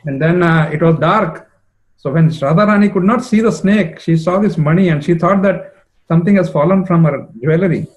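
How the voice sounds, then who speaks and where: A man's voice: fairly high pitch, normal speed, darkish tone, rough recording. A man retelling a devotional story as a preacher, conversational with frequent fillers. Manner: conversational, many "you know" fillers.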